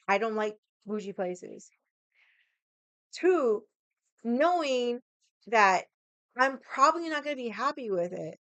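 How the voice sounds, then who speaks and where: A woman's voice: fairly high pitch, no echo. A woman in her forties with a Boston accent, ranting casually and bluntly to camera with heavy swearing and indignation. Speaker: vlogger.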